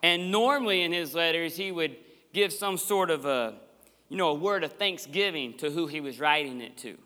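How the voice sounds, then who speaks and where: A male pastor preaches in a somewhat high, bright and forceful voice, passionate and emphatic, slipping in folksy asides. His sermon rings out in a church hall with a long, echoing reverb. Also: moderate pace. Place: church sanctuary.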